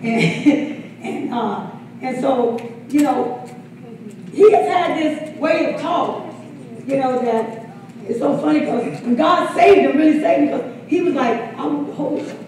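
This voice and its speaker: A woman's voice: high-pitched, expressive, slow pace, darkish tone, a little hiss or hum. A woman pastor telling a story in a sermon, laughing often and acting out quotes. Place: church hall. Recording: echoey hall from far off.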